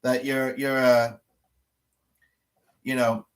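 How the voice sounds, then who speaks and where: A man's voice: mid-range voice, level tone, drawn-out words. A man hosting a livestream, chatting casually with viewers, rambling and thinking aloud as he goes. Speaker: livestream host.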